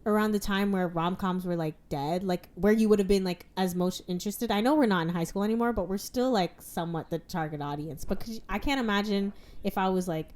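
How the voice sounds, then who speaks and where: A woman's voice: mid-range voice, fairly quick, hardly any pauses, a little mellow. Young woman in her twenties, casual rambling film-chat co-host, chatty and full of fillers. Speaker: podcast co-host.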